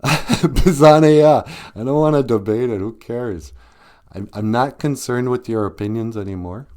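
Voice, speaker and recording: A man's voice: medium pitch, a little slow, darkish tone. A man hosting a podcast in a casual, joking monologue, laughing often and putting on sarcastic voices. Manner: jokey, laughs often, breaks into sung bits; sarcastic, mock voices for quoted people. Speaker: podcast host.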